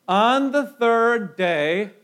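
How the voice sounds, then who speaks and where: A man with a high voice delivers a sermon at an unhurried pace. He leans hard on key words and lets long pauses hang. Often his voice falls to a near hush at the end of a thought. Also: lively intonation. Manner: slow, emphatic preaching with dramatic pauses and sudden quiet drops. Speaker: pastor.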